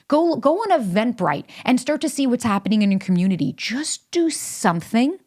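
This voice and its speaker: A woman's voice: on the high side, very animated, fast, mellow. A woman hosting a solo podcast, talking casually and emphatically, with frequent swearing. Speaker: podcast host. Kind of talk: solo podcast monologue with ad read.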